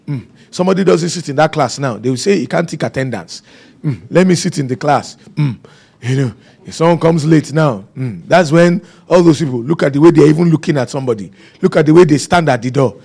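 A man's voice: a little high, expressive, moderate pace, vocal fry, long pauses, darkish tone, husky. A man preaching a sermon, telling stories and repeating key phrases for emphasis. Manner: storytelling, emphatic repetition.

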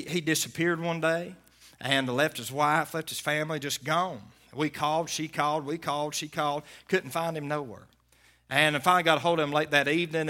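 A man, a pastor preaching a sermon and telling a story in a folksy way, swinging from loud preaching to hushed talk. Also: on the high side.

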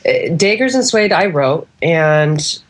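A woman singer-songwriter, a guest on an interview show, sounding congested from a cold and talking in a relaxed, rambling way with lots of fillers. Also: deep voice, slow. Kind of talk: casual interview.

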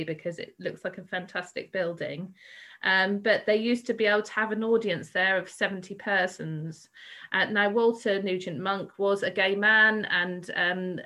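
A woman's voice: medium pitch, a bit bright, poor audio. Chatty woman guiding a walking tour. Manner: conversational, with frequent ums and self-corrections. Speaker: podcast co-host and tour guide. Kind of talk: casual walking-tour podcast chat.

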